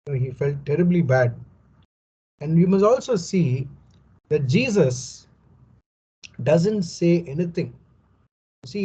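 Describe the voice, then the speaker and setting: A man's voice: fairly high pitch, mellow, slightly rough. A man teaching a Bible study, explaining step by step, repeating his points and adding conversational asides. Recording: dull lo-fi recording.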